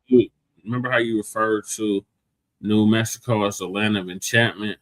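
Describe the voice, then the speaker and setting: Male co-host with a lowish voice who slips in short quips and rattles off the outro. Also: fairly even intonation, fairly bright tone, no room sound, poor audio. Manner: chimes in with short quips, then reads the outro quickly. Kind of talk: casual chat and show sign-off.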